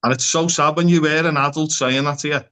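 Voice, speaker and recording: A man's voice: fairly high pitch, steady tone, quick pace, sharp tone, smooth. Earnest male psychotherapist explaining. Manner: earnest, explains with rhetorical questions. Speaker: psychotherapist guest. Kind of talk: casual podcast conversation.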